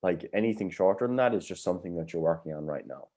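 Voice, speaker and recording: A man co-hosting a podcast, calmly explaining and agreeing in a measured, explanatory way. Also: sits low. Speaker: podcast co-host. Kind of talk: casual podcast chat.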